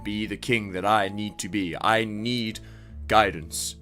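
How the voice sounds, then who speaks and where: A man's voice: on the low side, steady tone, slow, bright, forceful tone, faint music behind. Earnest young male king, solemn and pleading, slightly raised; man mimics him.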